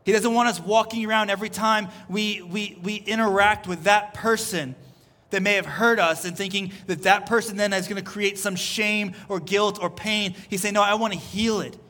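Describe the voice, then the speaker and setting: A man's voice: high-pitched, fairly even intonation, moderate pace, sharp tone. A man preaching a sermon as pastor, earnest and repeating his phrases as he builds each point. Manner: earnest, repeats phrases, voices Jesus in quotes. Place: church service.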